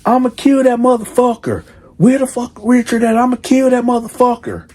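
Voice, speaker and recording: A man voicing an enraged birth father who shouts threats and curses, voice pushed up high. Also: moderate pace. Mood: furious. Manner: yelling, cursing, threatening.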